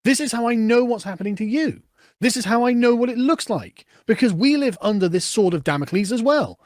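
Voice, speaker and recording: A man's voice: very high voice, lively intonation, a little fast, darkish tone, no echo, studio quality. A man with a British accent reading news clips aloud and reacting with sarcasm and laughter. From Britain. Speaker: political commentator.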